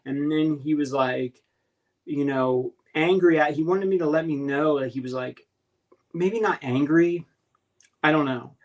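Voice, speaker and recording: A man earnestly recounting a strange encounter in casual talk, halting and restarting as he searches for words. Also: fairly high pitch, highs cut off. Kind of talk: casual spoken storytelling.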